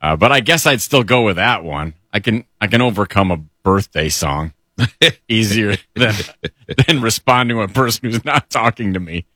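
A man's voice: fairly low pitch, lively intonation, normal speed, sharp tone, no echo, clean studio sound. A man co-hosting a radio talk show, telling wry stories. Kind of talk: casual radio banter.

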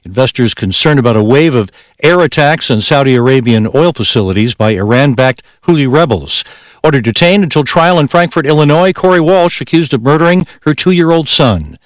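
A man reading a radio news bulletin in a crisp, even newscaster delivery. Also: mid-range voice, fairly quick, no room sound.

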